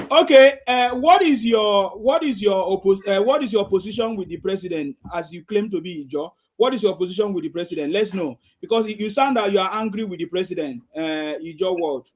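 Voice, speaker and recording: A man's voice: sits high, animated, fairly quick. A man hosting a live discussion, probing and repeating his questions. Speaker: host.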